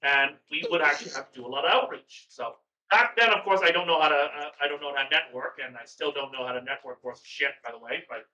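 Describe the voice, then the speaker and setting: A man in casual chat as a podcast guest, rambling and excitable, swearing now and then, on a video call. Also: on the high side, quick pace. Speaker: podcast guest, cooking streamer. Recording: far-off, roomy, dull sound with hum.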